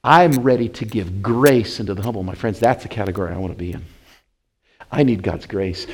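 Male pastor, conversational sermon, rises to loud emphatic peaks, drops to quiet asides, asks the room questions. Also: mid-range voice, expressive, a little fast, husky. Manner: conversational, repeats phrases, asks the congregation questions. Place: church.

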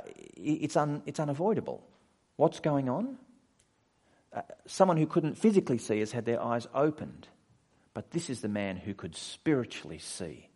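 A man preaching a conversational sermon, acting out quoted voices as he goes. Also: mid-range voice.

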